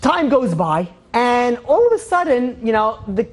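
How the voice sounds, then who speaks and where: A man's voice: very high-pitched, measured pace. Man casually telling a parable. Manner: casual, animated retelling full of "you know". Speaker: rabbi. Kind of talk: storytelling lecture.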